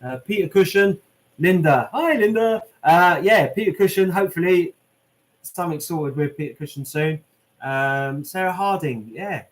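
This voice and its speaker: A man's voice: a little high, lively intonation, normal speed. A British man hosting a live question-and-answer stream, reading viewer comments aloud and chatting casually. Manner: chatty, reads out viewer comments, lots of "um" and "mate". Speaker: channel host answering live chat.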